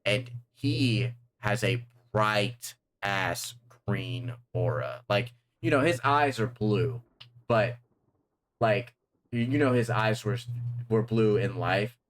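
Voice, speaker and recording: A man's voice: fairly low pitch, animated, takes it slowly. A man narrating a tabletop game as game master, rambling with many fillers.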